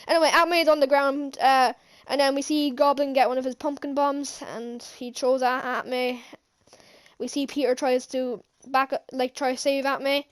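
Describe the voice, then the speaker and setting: A woman giving an excited, rambling movie recap as a vlogger, gushing, with lots of fillers and restarts. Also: sits high, moderate pace.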